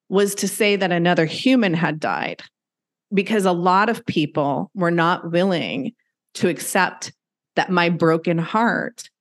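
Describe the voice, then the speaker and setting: A middle-aged woman telling a personal story in candid conversation, earnest and emphatic, acting out what people said. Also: lowish voice. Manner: earnest, emphatic, acts out quotes. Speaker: guest sharing pet loss story.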